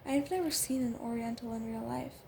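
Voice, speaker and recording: A woman reading a first-person novel aloud, halting often with fillers and restarts. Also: on the high side, gravelly, darkish tone, slight background noise. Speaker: audiobook reader.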